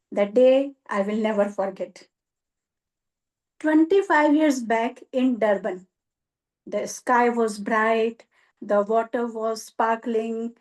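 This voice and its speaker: A woman giving a storytelling speech at a speaking club, dramatic and acting out the voices in her story. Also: on the high side. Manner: dramatic, acts out voices with cries and shouts.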